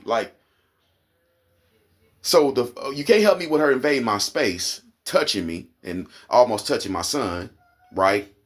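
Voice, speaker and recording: A man with an Oklahoma accent ranting angrily to camera, profane and heated, his voice climbing into high indignant peaks. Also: expressive, measured pace, a bit bright. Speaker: vlogger. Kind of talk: angry rant to camera.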